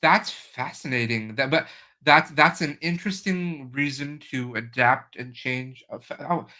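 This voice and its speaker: A man's voice: medium pitch, unhurried, pushed and bright. An American man hosting a live-streamed show, chatting casually and sounding easily amazed over a video call. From United States. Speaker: host. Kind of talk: casual interview chat.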